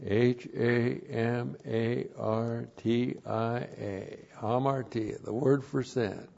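A male pastor teaching a passage word by word, spelling out Greek terms and bursting into loud emphatic phrases. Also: mid-range voice, flat delivery, slow, gravelly, highs cut off. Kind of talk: expository Bible teaching.

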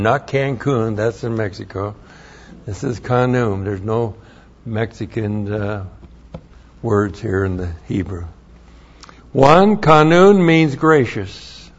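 A man's voice: mid-range voice, highs cut off. A man teaching a sermon, studying Hebrew words, who repeats key phrases and spells out letters with emphasis. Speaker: Bible teacher.

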